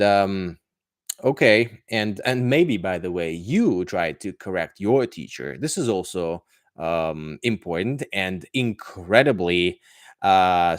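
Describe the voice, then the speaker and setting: Low-voiced, hesitant man. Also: no echo, studio quality. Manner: hesitant, full of pauses and restarts, addresses listeners as guys. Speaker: English teacher. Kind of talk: casual livestream podcast talk.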